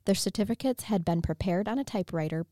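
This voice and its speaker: A woman co-hosting a true crime podcast reads out the case evidence in a steady, matter-of-fact voice. Her pitch sits in the middle range, and the recording is close and dry with no room sound. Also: quick pace, no echo.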